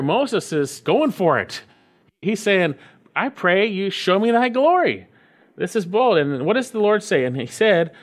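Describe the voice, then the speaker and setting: A man preaching an emphatic sermon in a slightly high voice. He repeats key phrases for weight. He reads scripture slowly and deliberately. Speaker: pastor.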